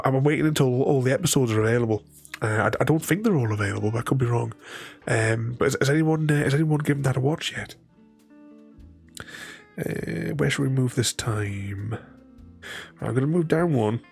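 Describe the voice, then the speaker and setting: Guy streaming a board game, gravelly, bouncy lively voice, chats and laughs a lot. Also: mid-range voice, fairly quick, faint music behind. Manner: chatty, laughs often, thinks aloud and talks to chat. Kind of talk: casual chat while playing a solo board game.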